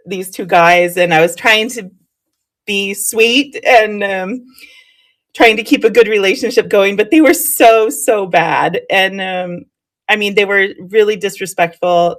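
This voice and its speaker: A woman's voice: medium pitch, a little slow. A woman chatting with her live viewers, telling stories and laughing often. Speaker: live streamer. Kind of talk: casual chat with live viewers.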